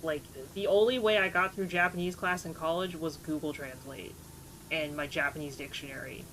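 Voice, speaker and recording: A woman's voice: low-pitched, steady tone, normal speed, fairly bright tone, slight background noise. A woman in her twenties, a streamer chatting casually with her live chat, talking about herself and greeting viewers.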